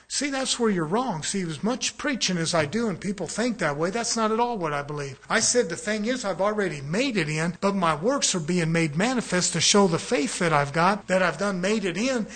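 High-voiced fervent preacher. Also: male voice. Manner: fervent, rising to loud emphatic preaching; folksy, rhetorical questions to the congregation. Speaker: pastor. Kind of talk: sermon.

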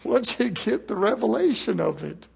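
Husky high-voiced male preacher. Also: lively intonation, normal speed. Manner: emphatic, swings between loud and soft, rhetorical questions to the congregation. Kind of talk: sermon.

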